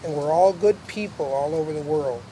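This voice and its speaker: A man's voice: on the high side, a little fast, warm tone, slight background noise. A middle-aged man, an author, telling a reflective personal story in an earnest way, stumbling over repeated words when moved. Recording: music bed under the voice.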